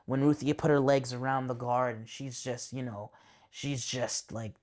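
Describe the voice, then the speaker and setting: A man reviewing a movie in a loose, chatty way. He gets excited and rambles, restarts his sentences often and drops slangy asides along the way. His pitch sits in a middle range. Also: normal speed. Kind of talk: casual spoken movie review.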